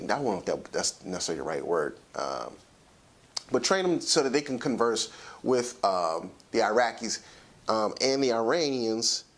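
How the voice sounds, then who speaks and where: A man hosting a talk show, giving a lecturing, emphatic commentary and slowing down to stress his points. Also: mid-range voice.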